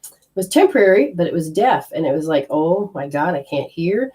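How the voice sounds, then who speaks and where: A middle-aged woman from Australia shares a personal story in a loose, conversational way. Her voice sits on the low side, and she keeps leaping up in pitch to act out her own panicked inner voice. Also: big pitch swings, moderate pace, dark tone. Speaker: energy healing teacher.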